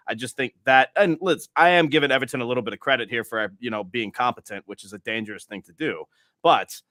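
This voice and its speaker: A man's voice: fairly low pitch, pushed and bright, no room sound. Man, emphatic football fan chat, opinionated, dry close-sounding voice. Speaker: fan show co-host.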